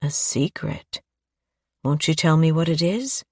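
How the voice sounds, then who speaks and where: A woman voicing a gentle, soft-spoken male priest in an audiobook, often dropping to a whisper. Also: low voice, normal speed, no room sound, clean studio sound.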